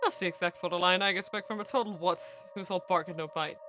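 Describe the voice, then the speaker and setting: A woman's voice: fairly low pitch, fairly even intonation, fast, pushed and bright, faint music behind. A woman voicing a cocky male journalist from a visual novel who needles people with sarcastic taunts. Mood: taunting.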